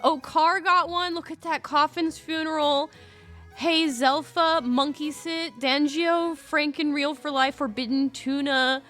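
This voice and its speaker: A woman's voice: sits high, fairly even intonation, unhurried, fairly bright tone, faint music behind. A young woman chatting casually on a live stream, gushing and a little scattered as she talks to her viewers. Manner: bubbly, gushing and a bit scattered.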